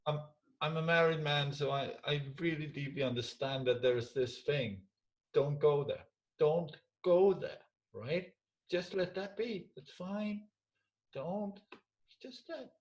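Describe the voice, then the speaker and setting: A married man speaking reflectively in a casual chat, halting and restarting often, with emotion in his voice. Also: a little high, animated, a bit bright, poor audio. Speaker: storyteller.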